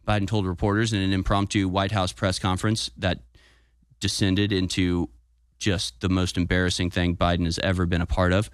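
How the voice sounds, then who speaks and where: A man's voice: low voice, little pitch movement, normal speed, smooth, no room sound, studio quality. A man hosting political talk radio with combative, sarcastic commentary. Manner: combative, sarcastic, self-congratulating. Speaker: talk show host.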